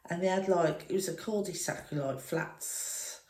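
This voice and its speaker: A middle-aged woman spins a rambling story at an unhurried pace. Her voice sits a little low, and she sounds like she is in a room with plenty of echo. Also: darkish tone. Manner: chatty, meandering, nostalgic storytelling. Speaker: crochet vlogger. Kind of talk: rambling reminiscing chat. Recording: echoey room.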